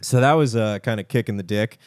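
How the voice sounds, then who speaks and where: A man's voice: on the low side, brisk, darkish tone, smooth, no room sound, studio quality. A man, co-hosting a comedy podcast and telling a rambling story, acting out the people he overheard. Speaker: podcast co-host.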